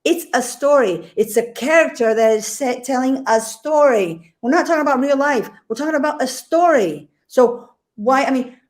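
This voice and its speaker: A woman's voice: sits high, moderate pace, few pauses. A woman hosting a casual interview chat, talking emphatically and animatedly with repeated words and restarts. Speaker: talk show host.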